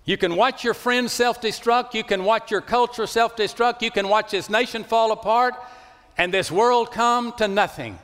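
A man preaching a sermon in a church, swinging between loud rising calls and low hushed lines. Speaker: pastor. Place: church sanctuary. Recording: long hall reverb.

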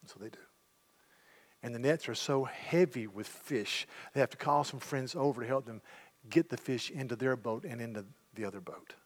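A man's voice: mid-range voice, normal speed. A middle-aged man preaching a sermon in a church sanctuary, telling the story vividly and slipping into the voices of the people in it. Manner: animated storytelling, retelling scenes in character voices. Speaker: pastor. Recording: long hall reverb.

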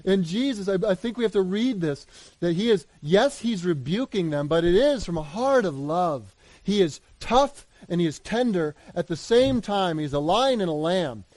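Male pastor with a high voice, preaching earnestly, dry close sound. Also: expressive, normal speed, no room sound. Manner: earnest preaching, swings between loud appeals and hushed asides. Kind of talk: sermon.

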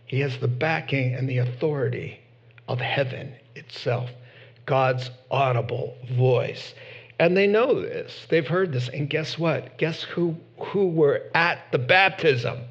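Animated preaching man, slightly high voice. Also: slow pace, dull audio. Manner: animated, emphatic preaching with sudden loud bursts. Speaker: pastor. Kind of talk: sermon.

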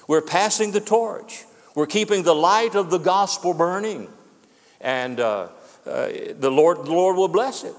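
A man's voice: high voice, animated, unhurried. Earnest preaching man in a reverberant church. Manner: earnest, emphatic preaching with repetitions. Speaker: pastor. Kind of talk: farewell sermon. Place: church sanctuary. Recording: long hall reverb.

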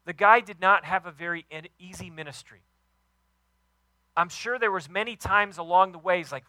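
A man preaching a sermon with enthusiastic, emphatic delivery, warm about his kids and his faith. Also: high voice, moderate pace, no room sound, poor audio. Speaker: pastor.

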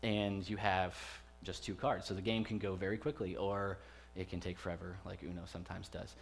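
A man's voice: sits low, level tone, a little fast, vocal fry, a little hiss or hum. Joking, chatty male pastor preaching. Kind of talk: conversational sermon. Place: church.

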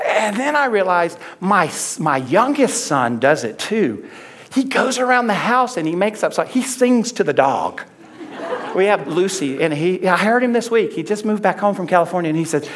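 A man's voice: high voice, sing-song, moderate pace, fairly bright tone, a little hiss or hum. A middle-aged man preaching a conversational sermon, repeating phrases for emphasis. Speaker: pastor.

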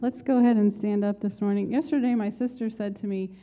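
A woman's voice: medium pitch, fairly even intonation, fast. A woman leading a church service, welcoming the congregation and praying aloud in an earnest, heartfelt way, repeating her phrases. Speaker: worship leader. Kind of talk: church welcome and spoken prayer. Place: church sanctuary. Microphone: handheld microphone. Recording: slightly dull sound with soft guitar behind. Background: soft guitar music.

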